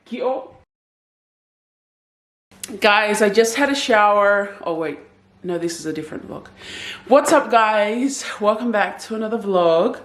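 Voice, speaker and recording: A woman's voice: mid-range voice, animated, a little slow, long pauses. A woman in her twenties with an Australian accent, chatting and giggling as she vlogs from her home kitchen on a handheld camera. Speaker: vlogger host. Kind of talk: casual vlog chat. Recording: echoey room.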